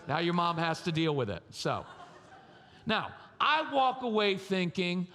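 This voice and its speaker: A man giving a parenting talk at a live conference, animated and theatrical, acting out scenes and quizzing the audience. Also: high-pitched, moderate pace. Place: large church conference hall. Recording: long hall reverb from a live venue.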